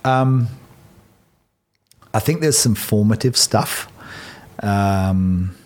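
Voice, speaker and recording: A man's voice: lowish voice, drawn-out words, a little mellow. An Australian man in his fifties, a podcast guest, talking in a reflective, storytelling way with frequent ums. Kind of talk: casual conversation.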